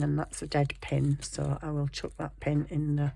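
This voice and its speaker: A woman's voice: deep voice, completely flat delivery, moderate pace, vocal fry, warm tone, breathy edge. A woman chatting casually and rambling cheerfully about her craft project at her home desk. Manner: rambling, self-deprecating, chatty. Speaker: craft vlogger.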